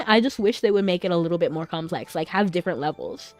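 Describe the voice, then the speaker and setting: A woman's voice: fairly low pitch, wildly swooping pitch, fast talker, a little mellow, no echo, soft background music. Giggly young woman chatting while gaming. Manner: chatty, giggles often between remarks. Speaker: game streamer. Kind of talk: casual gameplay chat.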